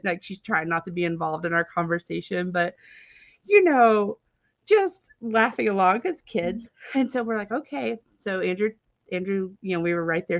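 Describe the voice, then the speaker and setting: A woman hosting a live stream who tells casual stories in an animated, chatty way, with many filler words and frequent laughter. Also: lowish voice, dry recording. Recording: dull, dry, lo-fi stream audio.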